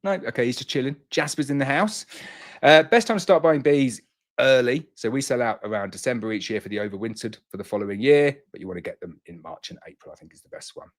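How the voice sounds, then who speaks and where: A middle-aged man hosting a beekeeping show, reading out viewer questions and answering them in a relaxed, chatty way. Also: mid-range voice, fast. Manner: relaxed and chatty, reads comments in a lifted voice. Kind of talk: casual live Q&A, reading out viewer comments.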